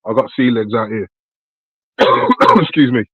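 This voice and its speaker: A man's voice: mid-range voice, unhurried, breathy edge, no echo. A British man on a call, talking in loose, slangy chat full of swearing and ums. The line is dull and lo-fi, and the voice sits dry and close. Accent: British English. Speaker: caller.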